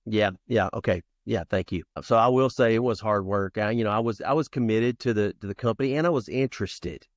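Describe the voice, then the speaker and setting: A podcast guest in his fifties, who founded an organization and coaches youth, talks fairly quickly with hardly any pauses in a lowish voice. He earnestly relates personal stories in a conversational interview, acting out childhood scenes amid restarts and asides. Clean studio sound, no room sound.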